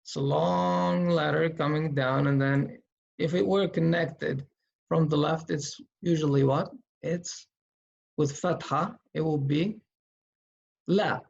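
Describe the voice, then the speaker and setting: A man teaching Quran reading in a slow, step-by-step tutorial, patiently thinking aloud as he writes. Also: a little high, fairly even intonation, vocal fry, a little mellow, lo-fi sound.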